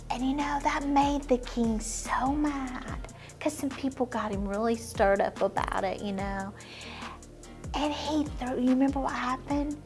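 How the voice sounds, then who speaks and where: A woman teaching children, telling a Bible story in an animated way and dropping to whispers for emphasis. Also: high voice, moderate pace, faint music behind.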